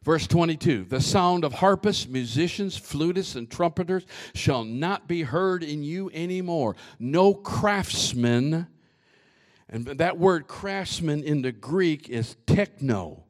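Man, pastor, sermon, high voice, dramatic loud and soft swings, repeated words. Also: animated, takes it slowly. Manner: dramatic swings from shouting to hushed asides; repeats words, stammering restarts.

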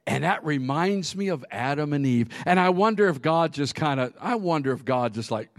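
This man speaks at a fairly high pitch, a little fast and with few pauses, captured in clean studio sound with no echo. He delivers a lively sermon built on humorous stories, laughing frequently and calling out to his congregation.

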